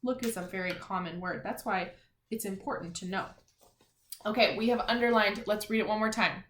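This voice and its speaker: A woman teacher giving a phonics and spelling lesson to young children, talking clearly and encouragingly. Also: mid-range voice, normal speed, a bit bright. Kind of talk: early-grades phonics lesson. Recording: echoey room.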